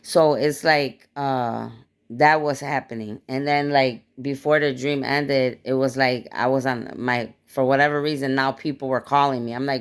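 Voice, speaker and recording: Gravelly, profane woman recounting a dream. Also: extremely low pitch, moderate pace. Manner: animated storytelling, blunt and profane. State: dry mouth. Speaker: spiritual vlogger. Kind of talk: casual dream retelling to viewers.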